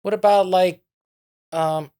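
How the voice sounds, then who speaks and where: A man's voice: high-pitched, fairly even intonation, slow pace, warm tone, clean tone. A man co-hosting a casual podcast, telling a rambling story with fillers and giggles. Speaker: podcast co-host.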